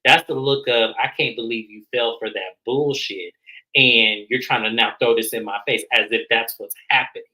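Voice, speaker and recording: A man co-hosting a casual reality TV recap, acting out quotes in an animated way. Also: moderate pace, rough recording. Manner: animated, acts out quotes with raised pitch. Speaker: recap show co-host. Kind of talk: casual review chat.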